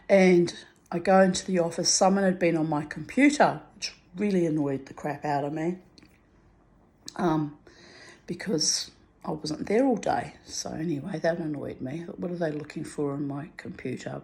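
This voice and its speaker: Lively woman telling a story. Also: low voice, gravelly. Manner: animated, acts out dialogue. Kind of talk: personal anecdote.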